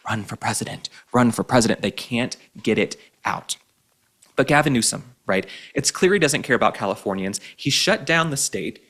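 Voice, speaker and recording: A man's voice: medium pitch, a bit bright. A young adult man hosting an opinion commentary show, sarcastic, mocking and emphatic. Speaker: show host.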